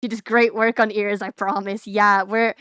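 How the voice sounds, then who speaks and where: Speaking at medium pitch with a level tone and moderate pace, this young woman VTuber keeps her live-stream chat casual and bubbly. She giggles a lot and addresses her chat directly. Her voice is fairly bright and smooth, captured in echo-free studio quality.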